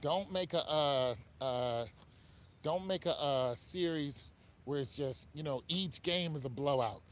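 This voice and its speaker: Chatty man hosting a live stream. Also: a little high. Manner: talkative, animated, quick asides and laughs. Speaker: online show host. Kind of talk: casual live-stream chat.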